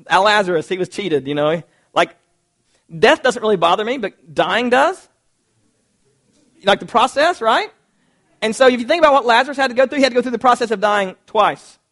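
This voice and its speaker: A man preaching a sermon, reading scripture aloud and acting out quotes in a lively, conversational way. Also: sits high, moderate pace, long pauses. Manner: animated, conversational, acts out quotes.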